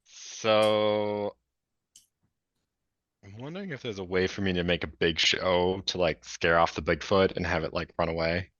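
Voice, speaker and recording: Low-voiced male player with a crisp, bright tone, measured, on a dry lo-fi mic. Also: dry recording. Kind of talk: tabletop game play.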